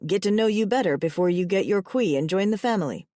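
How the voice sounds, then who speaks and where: A woman reading an audiobook, voicing a serious male alien hunter, the big brother, in a grave, measured manner. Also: mid-range voice, expressive, dark tone, dry recording, studio quality, natural voice.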